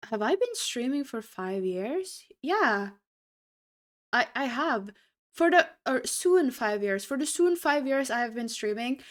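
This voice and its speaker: A bubbly young woman chats away on a live stream, her voice sitting a little high. She laughs easily and answers her viewers as she goes. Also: fairly bright tone. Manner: bubbly, laughs often, reacts to chat. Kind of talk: casual live-stream chat.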